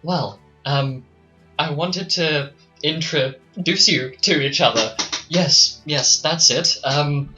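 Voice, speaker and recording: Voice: mid-range voice, slow pace, pushed and bright, soft background music. A game master voicing a flustered, embarrassed young man who stammers through an awkward question. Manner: hesitant, full of ums and stammers. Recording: dull lo-fi mic.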